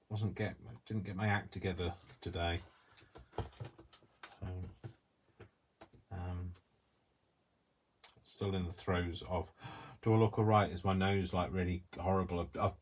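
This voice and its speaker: A man hosting a crafting video, chatting in a rambling, self-deprecating way as he works. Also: deep voice. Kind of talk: casual chat while crafting.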